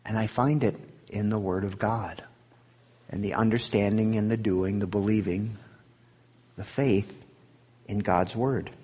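A man teaching a sermon, reading scripture aloud with swelling emphasis and dropping low for asides. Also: fairly even intonation, unhurried, pauses often, dark tone, husky. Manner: rises in pitch and volume on quoted scripture, drops low on asides. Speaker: pastor teaching a Bible study.

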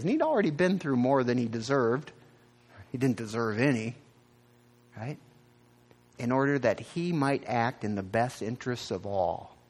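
A man from the American Midwest preaching a sermon as a pastor. He tells stories in an animated way and jumps up in pitch for emphasis. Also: breathy edge.

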